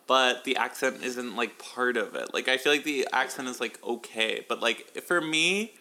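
Bright-voiced man, hesitant casual chat. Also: medium pitch, normal speed. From Pittsburgh, US. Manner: hesitant, full of likes and restarts. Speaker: podcast co-host.

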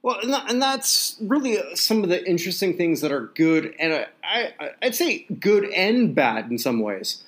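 A man's voice: sits high, sing-song, normal speed, hardly any pauses, a bit bright. A man co-hosting a sports podcast, rambling and joking with many restarts. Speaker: podcast co-host. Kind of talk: casual sports chat.

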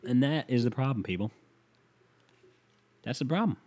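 A man's voice: mid-range voice, animated, normal speed, mellow, dry recording. A young man hosting a solo podcast, ranting and rambling with lots of swearing. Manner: profane, rambling, exasperated. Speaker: podcast host. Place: bedroom. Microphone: leaning on the mic.

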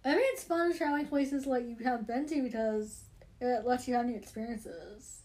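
A woman in casual chat, telling stories in an animated way and laughing often. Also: on the high side, moderate pace. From United States.

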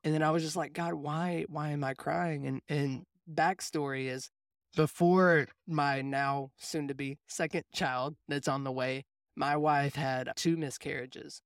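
A young man talks earnestly and reflectively about faith, his slightly higher voice full of gravelly fry. The sound is close and dry, with no room around it. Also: fairly even intonation, a little slow, dry recording. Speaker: podcast co-host, mindset coach. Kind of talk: casual faith conversation.

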